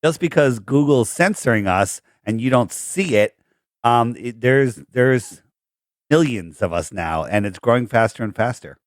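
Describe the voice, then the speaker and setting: A man's voice: medium pitch, expressive, measured pace, no echo, clean studio sound. A man speaking as a podcast guest, in a confident, blunt and combative way. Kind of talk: casual debate.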